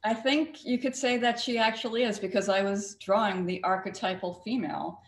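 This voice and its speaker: A woman's voice: medium pitch, normal speed. A woman author and cartoonist being interviewed on a talk show, talking emphatically with a storyteller's flair. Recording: echoey studio room.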